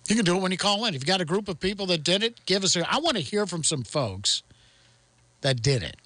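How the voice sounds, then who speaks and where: Guy hosting talk radio, jokey and excitable, super bouncy pitch, bright dry sound. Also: fast talker, dry recording. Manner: excitable, jokey, theatrical outbursts. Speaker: radio show host. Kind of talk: casual radio banter.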